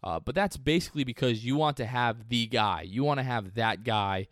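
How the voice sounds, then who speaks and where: Smooth-voiced man hosting a casual sports podcast. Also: mid-range voice, moderate pace, a bit bright, no echo, studio quality. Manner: conversational, digressive. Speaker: podcast host.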